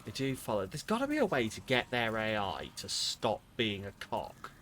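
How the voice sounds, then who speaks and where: A man's voice: on the low side, huge pitch swings, moderate pace, a bit bright, slight background noise. A British man streaming a game, muttering to himself, swearing and sounding exasperated. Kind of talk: casual gaming commentary.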